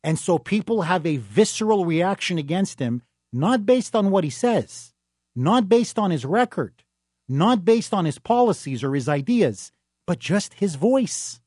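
Male talk radio host, high-pitched, punchy and opinionated, recorded dry in the studio. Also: very animated, a little mellow, no echo. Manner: emphatic, rapid-fire and opinionated. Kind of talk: political talk radio monologue.

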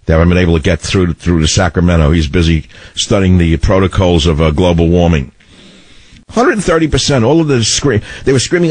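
Husky baritone talk radio host. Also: male voice, fairly quick, dry recording. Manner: combative, rambling, animated. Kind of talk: opinionated talk radio monologue. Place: radio studio. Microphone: studio microphone.

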